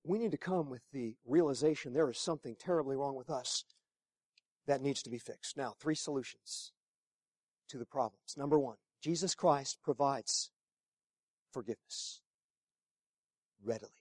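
A man preaching a sermon, swinging from hushed near-whispers to emphatic shouting and repeating phrases for effect. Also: mid-range voice, normal speed, long pauses, dry recording, studio quality.

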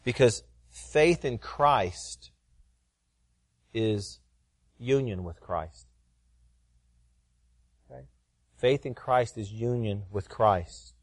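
A middle-aged man preaching a sermon, often repeating words and rising to loud, fervent heights as he tells a story. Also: mid-range voice, drawn-out words, pauses often, no room sound, clean studio sound.

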